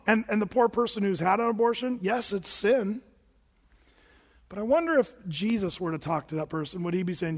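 Man, pastor, sermon, high voice, conversational with restarts, long church reverb. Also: lively intonation, normal speed.

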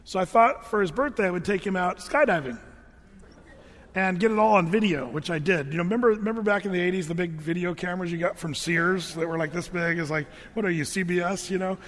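A man's voice: high-pitched, fast talker, fairly bright tone, in a large hall. A middle-aged man telling a humorous personal story to an audience, in a loose, rambling way that often restarts its sentences. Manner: loose, rambling, self-correcting.

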